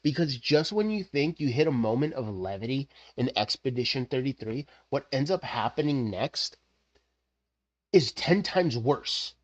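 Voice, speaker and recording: A man streaming live, chatting casually in an animated, rambling way with lots of fillers. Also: medium pitch, measured pace, dull audio.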